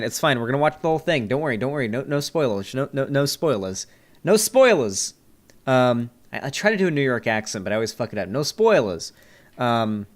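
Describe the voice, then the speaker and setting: A man streaming a review of a debate, talking in casual, joking commentary full of fillers and swearing, at a desk mic. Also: mid-range voice. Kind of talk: casual profane reaction commentary.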